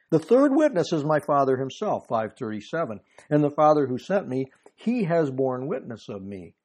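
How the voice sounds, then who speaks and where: A man's voice: mid-range voice, a little mellow. A man giving a verse-by-verse Bible teaching, earnestly explaining passages and reading scripture aloud.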